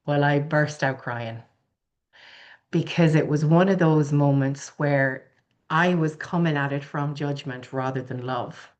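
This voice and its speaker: Low-voiced Irish woman telling a candid story. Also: unhurried, muffled recording. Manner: animated, heartfelt, candid storyteller. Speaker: podcast guest. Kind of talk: personal storytelling in casual chat.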